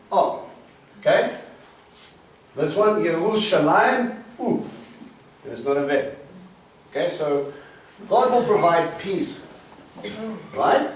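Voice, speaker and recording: A man teaching a Bible study to a small group, explaining Hebrew words and quizzing the class. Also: sits high. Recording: roomy, distant mic with faint hiss.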